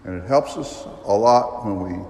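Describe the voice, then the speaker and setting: A man preaching a sermon, telling a story vividly with emphatic rises and dramatic pauses. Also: on the low side, warm tone. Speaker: priest. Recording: long reverb of a large church.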